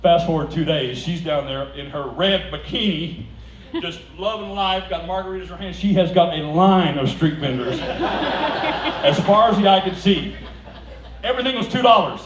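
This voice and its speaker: A man's voice: high voice, moderate pace, a crowd in the background. Man telling stories in an echoey hall. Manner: animated anecdote-telling, laughing through punchlines. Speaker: speaker at a celebration. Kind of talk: storytelling speech to a live audience. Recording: echoey room heard from a distance, faint background noise.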